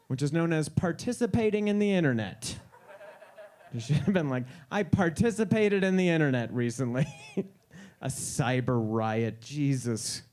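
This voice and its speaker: A man in his thirties performs stand-up on a music venue's stage. His voice is mid-pitched and ordinary. He sounds wry and incredulous as he builds absurd stories. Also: darkish tone. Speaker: stand-up comedian. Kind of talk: stand-up comedy set.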